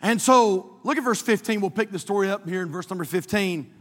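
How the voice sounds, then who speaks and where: A male pastor preaching a dramatic sermon, swinging from hushed tones to shouting, in a church sanctuary. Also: high voice, brisk, long reverb tail.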